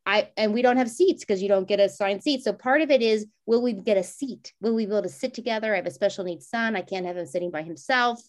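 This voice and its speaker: A middle-pitched woman in her forties talks casually on a podcast. She rambles through a personal story with many restarts, and she jumps up in pitch when she acts out what people said. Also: fast, few pauses. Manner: animated, acts out quoted voices with big pitch jumps. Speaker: podcast co-host.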